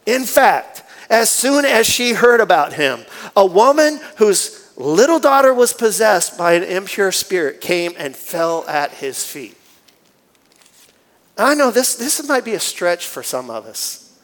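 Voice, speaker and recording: A man preaching a sermon as pastor, animated and acting out scenes with shifting voices. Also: high-pitched, long reverb tail. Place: church sanctuary.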